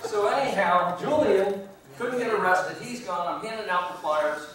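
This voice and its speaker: A man's voice: sits high, moderate pace, a bit bright. A man, a guest speaker at a meeting, telling a long rambling anecdote and chuckling at his own story. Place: meeting hall. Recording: echoey room from far off.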